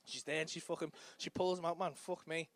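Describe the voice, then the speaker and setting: A man doing a stand-up comedy set on a club stage, telling a profane, animated story into a handheld mic with audience laughter behind. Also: fairly high pitch, fairly quick.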